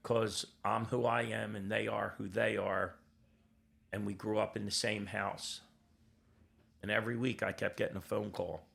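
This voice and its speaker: A gravelly older man speaks in a low register, his voice full of rough vocal fry. He tells his story as a podcast guest, blunt and raw, swears without a filter, and slips into the voices of the people he quotes. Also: level tone, moderate pace, fairly bright tone. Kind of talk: candid personal storytelling.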